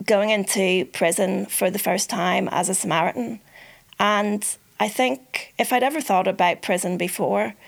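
Gravelly-voiced woman hosting a discussion. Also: medium pitch. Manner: measured, articulate framing of facts. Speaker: interviewer and Samaritan volunteer. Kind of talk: hosted discussion between practitioners.

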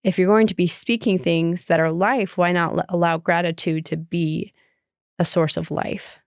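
Young woman, low gravelly voice, casual rambling podcast chat, dry close sound. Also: steady tone, moderate pace, no room sound. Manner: chatty, rambling, many restarts. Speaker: podcast co-host. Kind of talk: casual faith-based chat.

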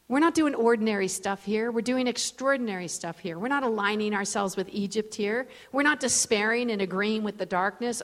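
Animated woman preaching in a big hall. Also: fairly high pitch, a little fast, few pauses. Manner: conversational, animated, many fillers. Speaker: preacher, guest speaker. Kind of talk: sermon with storytelling. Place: large event hall.

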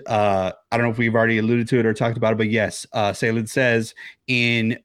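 A man's voice: lowish voice, dry recording, studio quality. A man co-hosting a horror movie podcast, talking casually and acting out characters' lines with lots of restarts. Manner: animated, acts out characters' lines, many restarts. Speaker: podcast co-host. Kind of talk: casual film discussion.

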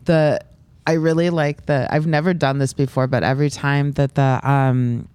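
A woman's voice: rumbling low, fairly even intonation, moderate pace, a little mellow, clean tone, no room sound. A woman comedian guesting on a live podcast, rambling and self-mocking, laughing often as she loses her words. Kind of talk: casual live podcast chat.

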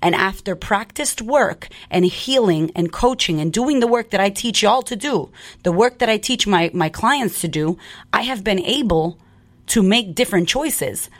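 A woman's voice: medium pitch, expressive, moderate pace. Blunt, fired-up woman podcast host. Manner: blunt, profane, fired-up talk. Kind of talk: casual podcast monologue.

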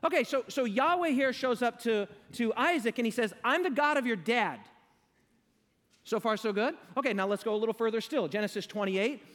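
A man's voice: extremely high pitch, brisk, few pauses, big-room sound. A man preaching a sermon to a live audience, emphatic and leading them in call-and-response.

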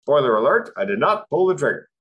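A man's voice: fairly high pitch, big pitch swings, fast talker, fairly bright tone, highs cut off. A man, a comedian and speaker, telling personal stories about depression with dry, punchline-driven timing. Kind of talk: comic storytelling on mental health.

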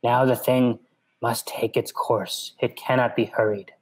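A man's voice: medium pitch, little pitch movement, measured pace, natural voice, rough recording. A man voicing a fierce, superstitious older female servant while reading a novel aloud in casual chat, in an intense, ominous manner.

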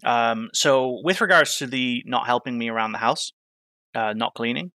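A man speaking at a mid pitch into a podcast mic, close and dry with no room sound. He talks candidly and reflectively, pausing often and restarting his sentences as he works through his thoughts. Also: pushed and bright, no echo. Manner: reflective, halting, many fillers and restarts. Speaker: podcast guest. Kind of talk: candid interview conversation.

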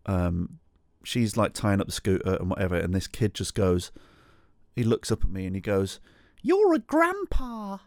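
A man's voice: sits low, steady tone, moderate pace, gravelly, darkish tone, no room sound, studio quality. A middle-aged man hosting a solo podcast, telling a rambling, sweary, self-mocking story. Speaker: podcast host.

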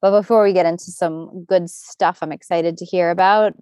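A woman's voice: lowish voice, steady tone, normal speed, warm tone, no room sound, studio quality. A woman co-hosting a podcast in casual chat, talking in a chatty, meandering way with many restarts. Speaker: podcast co-host.

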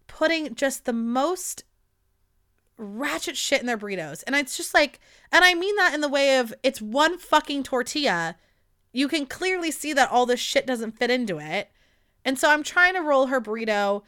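A woman in her twenties telling a rambling, animated story in a casual monologue, swearing freely. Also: sits high, normal speed, clear, resonant tone. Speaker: podcast host.

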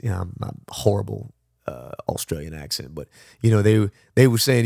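A man with a low, gravelly voice hosts a motivational podcast. He rambles conversationally and often restarts his thoughts. The recording is dry and close. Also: lively intonation, moderate pace, mellow, no room sound. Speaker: podcast host. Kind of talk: reflective motivational monologue.

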